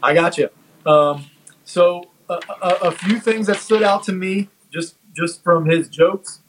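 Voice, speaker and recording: A man co-hosting a casual podcast chat, talking haltingly with many fillers and restarts. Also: sits high, low-quality recording. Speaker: podcast co-host. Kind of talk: casual chat reviewing a comedy special.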